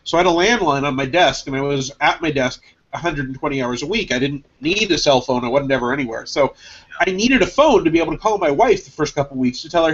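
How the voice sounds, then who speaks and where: A man with a fairly high voice chats casually, telling animated stories and acting out what people said. The audio is muffled and lo-fi. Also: fast talker. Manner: animated storyteller acting out conversations. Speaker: podcast guest, game designer. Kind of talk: casual chat.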